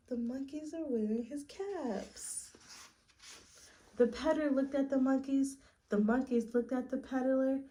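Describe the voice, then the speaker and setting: A woman reading a picture book aloud to children at story time, gently asking them questions along the way. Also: sits high, unhurried, poor audio. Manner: gentle, asks listeners questions.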